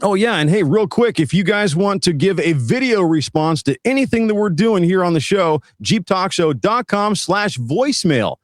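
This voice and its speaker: A man co-hosting a podcast, talking casually in a halting way, repeating words and using many fillers. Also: high-pitched, expressive, no room sound, clean studio sound. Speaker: co-host. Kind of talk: casual chat.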